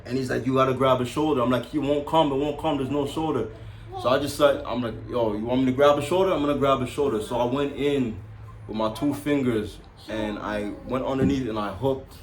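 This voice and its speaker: A young man telling the story of his child's birth in a casual chat, animated and laughing, often calling the listener "bro". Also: medium pitch, brisk, echoey room.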